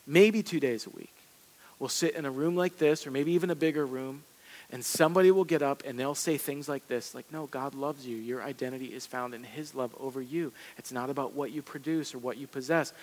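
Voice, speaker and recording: A man preaching a sermon in a relaxed, conversational way, with self-deprecating asides and emphatic repetition. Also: medium pitch, poor audio. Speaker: pastor. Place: church sanctuary.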